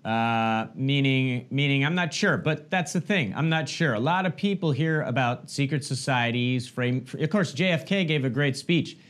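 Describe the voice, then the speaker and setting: A man's voice: mid-range voice, moderate pace, hardly any pauses, a bit bright. A man hosting an interview, asking casual, probing questions. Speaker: interview host.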